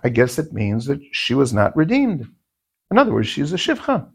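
A man teaching Talmud in a lively, rising-and-falling voice. He speaks with a gravelly rasp. He keeps putting questions to his listeners and answering them in a sing-song rhythm. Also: mid-range voice, normal speed. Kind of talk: Talmudic lecture.

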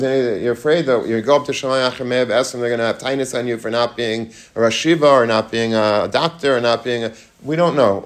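A man giving an informal Torah lecture to students, chatty and full of questions to the room, mixing in Hebrew and Yiddish terms. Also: mid-range voice. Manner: conversational, asks the audience questions, mixes Hebrew and Yiddish terms. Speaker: rabbi giving a talk to students. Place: room with a live audience.

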